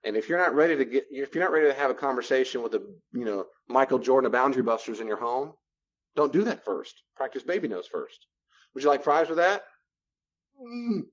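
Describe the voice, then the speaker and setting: A man teaching a class on boundaries, lecturing and acting out both sides of short dialogues in an animated way. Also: medium pitch, fast, dull audio. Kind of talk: classroom lecture with role-play examples.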